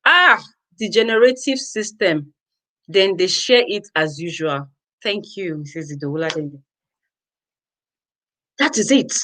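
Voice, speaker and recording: A woman's voice: lowish voice, lively intonation, measured pace, long pauses, fairly bright tone, slight background noise, poor audio. A Nigerian woman vlogging to her viewers, ranting in an exasperated, exclamatory way, with lots of repetition. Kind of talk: casual ranting commentary to viewers.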